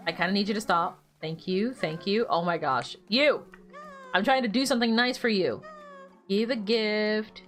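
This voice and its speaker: This young woman's voice is medium-pitched and a bit bright. Streaming a game, she keeps the chat casual, teasing the characters she sees and laughing often.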